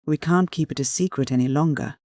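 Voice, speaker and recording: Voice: mid-range voice, fairly quick, a little mellow, dry recording, studio quality, close to an everyday voice. The reader voicing a tearful, anxious middle-aged mother with an aggrieved manner. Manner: weepy, aggrieved.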